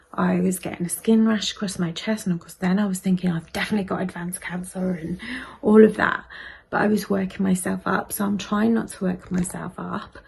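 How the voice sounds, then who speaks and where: A woman's voice: lowish voice, a little mellow. A woman in her thirties talks to the camera for her vlog, half-whispering and worried. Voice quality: husky, gravelly. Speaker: vlogger. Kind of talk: personal vlog confiding to camera.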